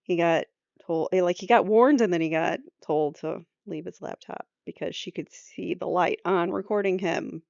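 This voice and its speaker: A woman's voice: fairly low pitch, normal speed, creaky, a little mellow, dry recording, lo-fi sound. A woman host giving casual commentary, explaining what the clips show. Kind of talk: commentary over interview clips.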